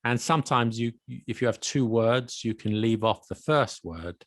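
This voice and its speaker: A man's voice: medium pitch, lively intonation, normal speed, no echo, clean studio sound. A man co-hosting a podcast, explaining things with patient examples in casual chat. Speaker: podcast co-host. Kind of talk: casual chat about accents.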